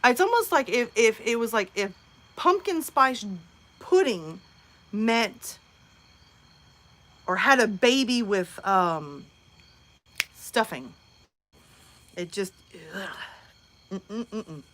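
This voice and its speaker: A woman's voice: a little high, big pitch swings, slow pace, long pauses, fairly bright tone, a little hiss or hum. A woman in her thirties hosting a casual live stream from home, chatting and answering viewers' comments.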